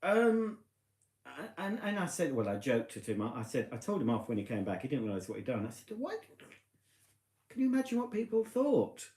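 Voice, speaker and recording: A man's voice: medium pitch, animated, brisk, darkish tone. A tipsy man chatting casually on a live stream from his living room, rambling and poking fun at himself. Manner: rambling, chatty, self-mocking. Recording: echoey room.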